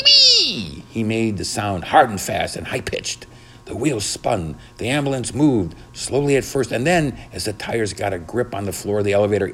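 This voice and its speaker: A man narrating a children's storybook in a dramatic, expressive reading. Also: fairly low pitch, a little hiss or hum.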